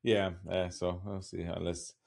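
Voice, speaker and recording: Low-voiced man rambling through a recap. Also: level tone, measured pace, vocal fry, a little mellow, slight background noise. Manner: rambling, wry laughs, frequent yeahs. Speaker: podcast co-host. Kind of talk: casual recap chat.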